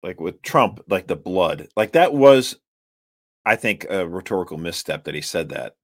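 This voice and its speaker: A man's voice: low-pitched, normal speed, dry recording. Guy ranting on a political podcast, emphatic, dry close mic. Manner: animated, emphatic, exasperated. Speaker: podcast host. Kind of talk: political talk show discussion.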